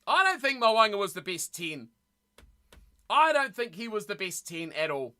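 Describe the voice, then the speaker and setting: A woman's voice: mid-range voice, very animated, moderate pace, bright, forceful tone. A woman streamer chatting casually with her live chat, blunt and opinionated, often losing her train of thought.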